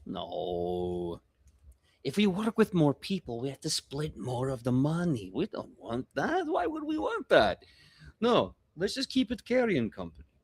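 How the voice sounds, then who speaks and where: A sly goblin gang leader, voiced by a man, pitched up well above a normal speaking voice. He wheedles and persuades, always angling for a bigger share of the money. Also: huge pitch swings, unhurried, slightly rough, exaggerated voice. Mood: scheming. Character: scheming greedy male goblin gang boss.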